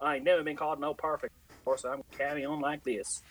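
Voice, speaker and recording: A man's voice: a little high, little pitch movement, fast, close to an everyday voice. A man voicing a cheerful young southern woman with an exaggerated drawl. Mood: folksy. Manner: exaggerated hick drawl with yee-hollers.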